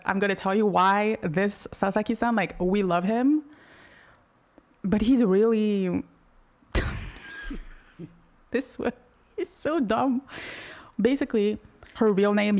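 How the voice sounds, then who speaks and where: A woman hosting a casual commentary video, chatty and slangy, full of fillers and asides. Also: medium pitch. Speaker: video essay host.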